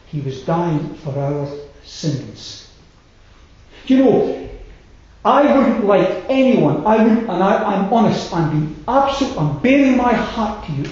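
Man, preacher, sermon, earnest, emphatic lists, soft drops, dull muffled recording. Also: sits high. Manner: earnest, rising to emphatic lists then dropping soft on key lines. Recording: echoey room with faint noise, dull sound.

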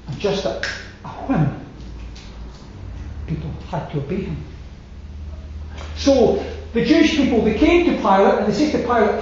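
Man, sermon, measured emphatic delivery, hushed phrase endings, very reverberant hall, muffled lo-fi sound. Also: high voice, sing-song, slight background noise. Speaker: preacher. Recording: very echoey hall, slightly dull sound.

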